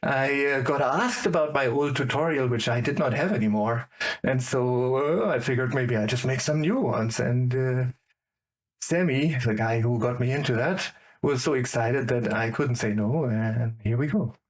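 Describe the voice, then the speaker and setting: A man in his fifties, a podcast guest chatting casually, animated and laughing between phrases. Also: medium pitch, normal speed. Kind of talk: casual interview chat.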